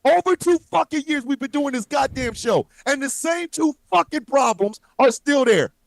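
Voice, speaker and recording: A man hosting a show, delivering an angry, profanity-filled rant that breaks into shouts at times. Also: extremely high pitch, animated, moderate pace, creaky, no room sound. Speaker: show host.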